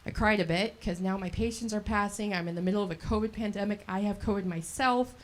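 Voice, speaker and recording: Speaking fast in a mid-range voice, this scholarship recipient, a woman in her thirties from El Dorado County, California, shares her personal story at a brewery fundraiser. She's chatty and laughs as she goes.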